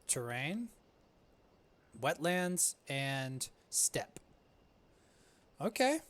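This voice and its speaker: A man's voice: fairly high pitch, sing-song, extremely slow, fairly bright tone, slight background noise. A young man giving casual, joking gameplay commentary and calling everyone "bro" in slang. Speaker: let's play gamer.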